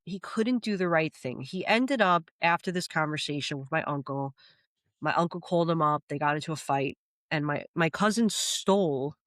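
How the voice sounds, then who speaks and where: A woman guest on a podcast telling her life story candidly, animated, acting out what people said and swearing freely. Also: sits low, no room sound.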